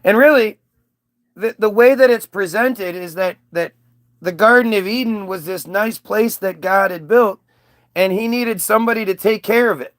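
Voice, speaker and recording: A man's voice: high voice, moderate pace, fairly bright tone, no echo, studio quality. A male comedian telling a crude, rambling comic story with frequent restarts.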